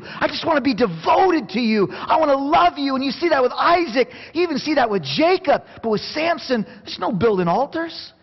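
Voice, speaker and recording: A man preaching a sermon, passionate, going from quiet to near shouting and acting out scripture quotes. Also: very high voice. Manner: plays out Bible quotes in acted voices. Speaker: pastor. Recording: dull sound with long hall reverb.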